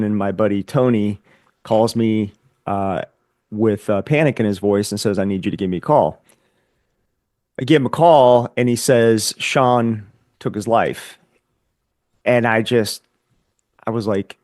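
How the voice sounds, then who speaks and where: A man's voice: mid-range voice, dry recording, clean studio sound. A man telling his personal story as a podcast guest, earnest and reflective, often repeating words as he gathers his thoughts. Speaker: podcast guest, Air Force veteran.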